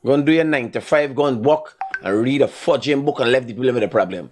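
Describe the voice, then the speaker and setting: A fast talker with few pauses, this mid-range-voiced man with a Guyanese Creole accent hosts a live stream. His loose commentary rambles on, animated with rants and bursts of laughter.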